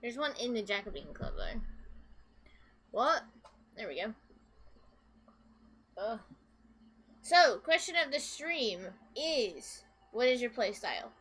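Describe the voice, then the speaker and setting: A woman's voice: on the high side, big pitch swings, slow pace, long pauses, a bit bright, husky. A woman streaming a video game live, rambling to her chat with lots of fillers. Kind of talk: live gameplay commentary.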